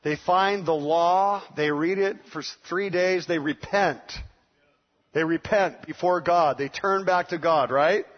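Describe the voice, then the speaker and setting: A man's voice: fairly high pitch, measured pace, highs cut off. A middle-aged man preaching a sermon as pastor, playful and laughing, acting out the voices of others.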